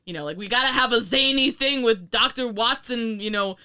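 A woman's voice: on the high side, brisk, bright, forceful tone, clean tone. A woman from New York co-hosting a casual podcast chat, talking loosely with lots of laughter and casual swearing. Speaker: podcast co-host.

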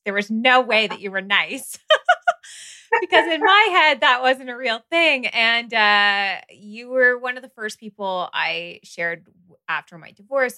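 A woman's voice: mid-range voice, pushed and bright, dry recording, clean studio sound. A woman hosting a podcast in casual chat, effusive and laughing often. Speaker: podcast host.

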